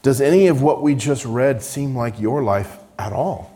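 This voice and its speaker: A man's voice: medium pitch, expressive, normal speed, warm tone. A man preaching a sermon, reading scripture with rising emphasis and touches of dry sarcasm.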